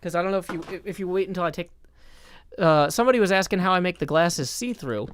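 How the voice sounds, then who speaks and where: This livestreamer's high-pitched voice is animated, fast, and smooth, though dulled by the mask covering his face. He chats casually while gaming, rambling and playful, with frequent joking asides.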